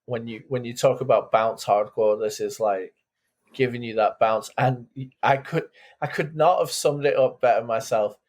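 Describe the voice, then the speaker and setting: A man's voice: mid-range voice, normal speed, a little mellow. A man co-hosting a music podcast, chatting enthusiastically with many fillers. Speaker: podcast co-host. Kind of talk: casual chat.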